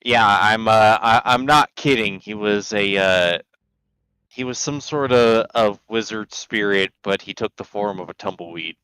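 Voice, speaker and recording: A man co-commentating a sim racing broadcast, measured with a dry sense of humor. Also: on the low side, bright, forceful tone, smooth, no room sound, poor audio.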